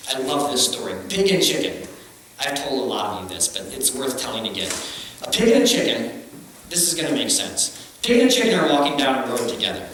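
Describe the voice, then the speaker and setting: A pastor talks through his sermon like a chat, cracking jokes and acting out little quotes, with a pitch that swings up and down. His voice rings around a large echoey church, taken from a distant mic with faint hiss underneath. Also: big pitch swings, a little fast, a bit bright. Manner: conversational, joking, acts out quotes.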